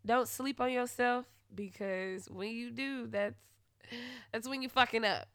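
A woman's voice: fairly high pitch, fairly even intonation, measured pace, clean tone, no room sound. Blunt, profane woman host, dry sound. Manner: blunt and profane, swings into loud heated retellings. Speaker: podcast host. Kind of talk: candid storytelling monologue.

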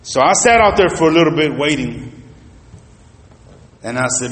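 A man preaching a sermon, telling a personal story in an animated way and talking straight to the congregation. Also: on the high side, moderate pace, long pauses. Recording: reverberant hall.

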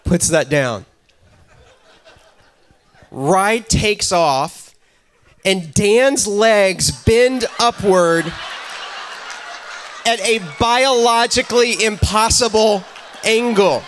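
A man preaching with a very high voice, telling a funny story in animated bursts. He speaks slowly and shouts out the punchlines. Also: slight background noise. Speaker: pastor. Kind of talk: sermon with comic storytelling.

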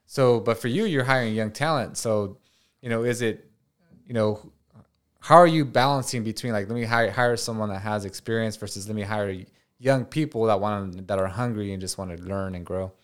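A man's voice: on the low side, moderate pace, clear, resonant tone. A man hosting a podcast, listening closely and chiming in with short affirmations. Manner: attentive, frequent short affirmations. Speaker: podcast host, tax practice owner. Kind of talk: casual podcast interview.

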